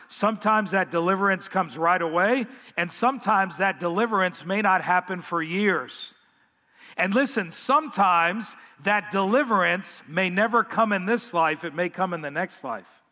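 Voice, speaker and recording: Male pastor, emphatic sermon, high bright voice, hall reverb. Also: moderate pace. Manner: emphatic, asks the congregation questions.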